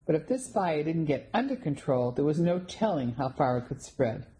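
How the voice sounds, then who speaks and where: A woman narrating a first-person story in a steady, scripted storytelling delivery. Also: low-pitched, normal speed, a little hiss or hum, poor audio. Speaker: audiobook narrator.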